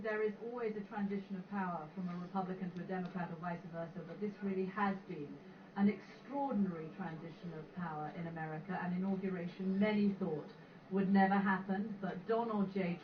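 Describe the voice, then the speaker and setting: A woman presenting a news special in a measured, formal broadcast style. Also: mid-range voice, distant mic. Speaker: news anchor. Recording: TV audio played in an echoey room, heard from afar, dull and noisy.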